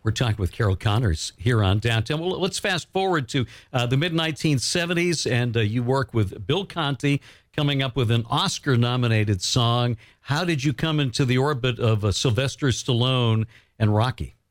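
A man's voice: medium pitch, animated, normal speed, no room sound. Male radio host with a dry, close sound. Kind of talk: radio interview.

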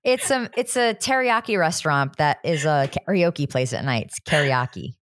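A woman's voice: low-pitched, big pitch swings, moderate pace. A woman co-hosting a casual podcast, recapping a TV show with jokey, sarcastic asides and casual swearing. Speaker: podcast co-host.

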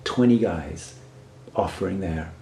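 A man's voice: deep voice, measured pace, creaky, dark tone, reverberant, a little hiss or hum. A man who works as a workshop facilitator tells a personal story in an earnest, reflective way and often checks in with "right?".

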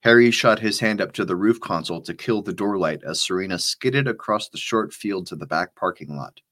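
A man, the author, reading his spy thriller aloud in a steady, measured narration. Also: sits low. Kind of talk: scripted audiobook narration.

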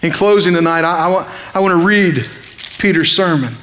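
A man's voice: on the high side, fairly quick, fairly bright tone, in a large hall, slight background noise. A man preaching an evening sermon in a conversational, impassioned way, asking his listeners questions.

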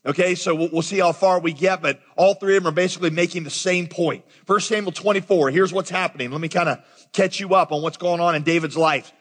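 A man's voice: high-pitched, fast, a bit bright. A man preaching a sermon as pastor, talking conversationally and addressing the congregation directly. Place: large church auditorium. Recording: long reverb of a large hall.

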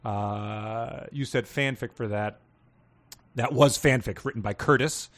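A man co-hosting a podcast, reading passages aloud with lively, voiced dialogue and laughing often. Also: mid-range voice, a little slow. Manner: reads with animated voices for dog quotes, laughs often. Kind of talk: casual chat with read-aloud quiz passages.

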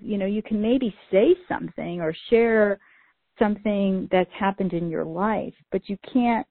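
A woman's voice: mid-range voice, dry recording. A middle-aged woman co-hosting a podcast, telling stories in a chatty way with lots of "you know" fillers. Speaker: podcast co-host. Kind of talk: casual podcast conversation. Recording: dry, phone-like narrow sound.

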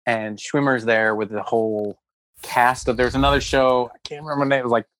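A man's voice: mid-range voice, brisk, slight background noise. A male comedian and writer, a guest on a chat show, telling a long funny anecdote with laughs and acted-out quotes. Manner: animated anecdote-teller who keeps acting out quotes; laughs often mid-story. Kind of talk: casual storytelling chat.

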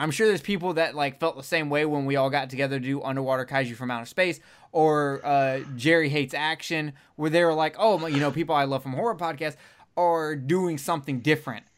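A man's voice: fairly high pitch, clear, resonant tone. A man hosting a horror podcast, talking enthusiastically and swearing freely in casual chat. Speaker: podcast host.

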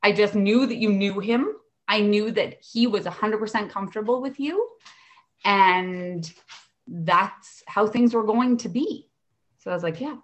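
Animated woman telling work stories. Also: mid-range voice, a little slow. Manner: animated, acts out voices in anecdotes. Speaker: educational assistant. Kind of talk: casual storytelling.

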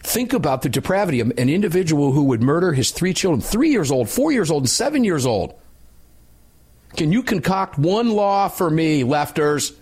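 Husky, indignant male radio host. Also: on the high side, sing-song, normal speed, darkish tone. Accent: American. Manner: emphatic, indignant storytelling. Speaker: radio talk show host. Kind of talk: impassioned radio commentary.

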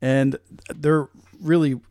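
A man's voice: a little high, steady tone, slow, dark tone, dry recording, clean studio sound. A male podcast host giving casual commentary with frequent fillers.

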